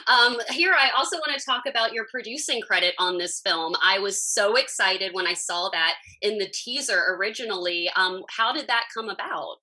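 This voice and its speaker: Young woman, interviewer, bright voice, enthusiastic, gushing. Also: mid-range voice, normal speed, hardly any pauses, low-quality recording. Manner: enthusiastic, effusive praise. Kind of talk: friendly entertainment interview.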